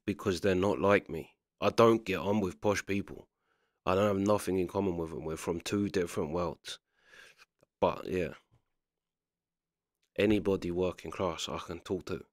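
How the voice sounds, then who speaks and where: A man from England speaks casually over clips he's reacting to, forever asking "do you know what I mean." He has a deep voice, talks at a normal speed with long pauses, and sounds clean and studio-recorded with no room sound.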